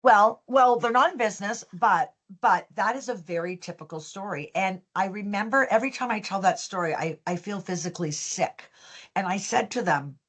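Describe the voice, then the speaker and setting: This woman has a mid-range voice with a breathy edge and talks at a normal speed. She's a business founder being interviewed, a lively storyteller who performs the quoted dialogue in her anecdotes.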